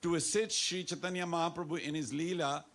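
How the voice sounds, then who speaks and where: His voice slightly high, steady, and fairly bright, a temple speaker talks a little fast through a devotional sermon to the congregation. He mixes Hindi phrases into his speech and, in a playful, coaxing way, pushes listeners to respond and dance.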